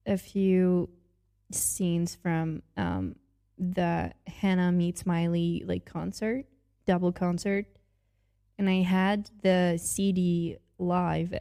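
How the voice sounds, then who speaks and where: A young adult woman hosting a podcast, giving casual, gushing reaction commentary full of excited exclamations. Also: lowish voice. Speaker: podcast host.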